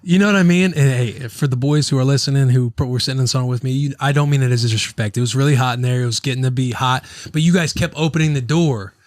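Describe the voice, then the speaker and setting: A man's voice: medium pitch, fast, few pauses, dry recording, clean studio sound. A man in his thirties hosting a podcast, rambling and joking, with casual swearing and a loose ad read. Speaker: podcast host.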